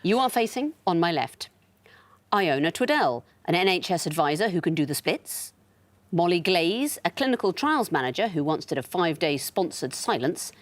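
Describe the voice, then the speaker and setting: A woman's voice: on the low side, no echo. A woman hosting a TV quiz in a studio, with a dry, teasing wit. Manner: dry, witty, lightly teasing. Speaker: quiz show host.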